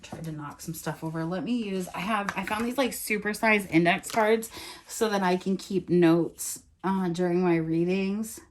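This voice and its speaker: A woman's voice: fairly low pitch, moderate pace, a little hiss or hum. A woman doing a casual tarot reading, chatting and thinking aloud as she turns and reads the cards. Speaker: tarot reader.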